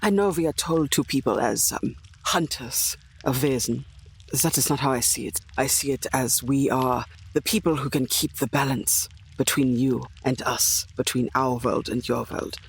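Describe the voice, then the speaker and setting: A man speaks earnestly in character during a tabletop game. His voice is gravelly and husky, and he keeps his delivery measured. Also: medium pitch. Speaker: player. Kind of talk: in-character tabletop role-play.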